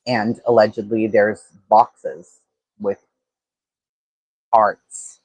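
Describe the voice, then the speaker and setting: A man's voice: fairly low pitch, level tone, drawn-out words, darkish tone, slightly rough, dry recording, highs cut off. A man hosting a true-crime livestream, talking casually and thinking aloud with lots of fillers and restarts.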